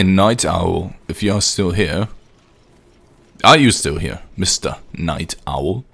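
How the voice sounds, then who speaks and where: A man's voice: deep voice, animated, takes it slowly, vocal fry, fairly bright tone, husky. A young man live-streaming a game, chatting casually with viewers, joking, swearing and laughing often.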